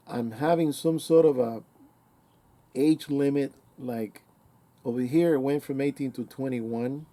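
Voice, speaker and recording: A man's voice: a little high, dark tone. A middle-aged man giving a rambling, conversational opinion monologue, acting out bits of remembered exchanges.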